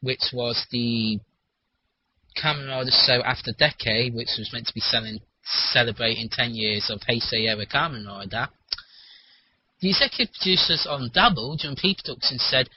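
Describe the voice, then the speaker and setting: A man talking in a rambling, animated casual chat, swearing freely, on a muffled lo-fi recording. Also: medium pitch, moderate pace, a little hiss or hum.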